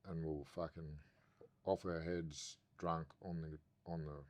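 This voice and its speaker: A man's voice: extremely low pitch, little pitch movement, a little slow. An Australian man, a podcast guest, telling a story in casual, rambling talk and swearing constantly.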